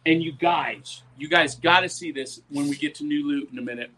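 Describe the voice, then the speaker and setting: Bright-voiced man hosting a live chat. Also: on the high side, moderate pace, low-quality recording. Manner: chatty, playful teasing. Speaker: podcast co-host. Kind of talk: casual live podcast chat. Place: indoor arts center event with vendors.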